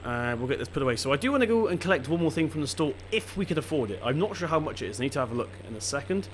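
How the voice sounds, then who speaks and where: A man's voice: on the high side, big pitch swings, rapid-fire, slight background noise. Chatty young man narrating gameplay. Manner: rambling, chatty, corrects himself often. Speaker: gaming video host. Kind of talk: casual let's-play commentary.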